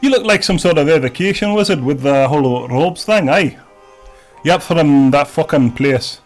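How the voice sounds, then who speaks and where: A man voicing a gruff middle-aged dwarf artificer who runs a shop, talking in a hearty, chatty manner. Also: on the high side, normal speed, faint music behind, natural voice. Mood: friendly. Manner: hearty, chatty, says aye a lot.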